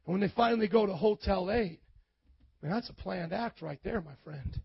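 A pastor preaching a sermon, acting out the excuses of his listeners in an animated way. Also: sits high, normal speed, vocal fry, slightly rough, no room sound, muffled recording.

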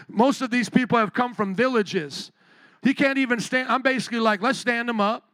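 A male pastor preaching a sermon, telling a story with lively energy and questions to the congregation. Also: very high-pitched, no room sound. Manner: animated storytelling, talks to the congregation. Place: church.

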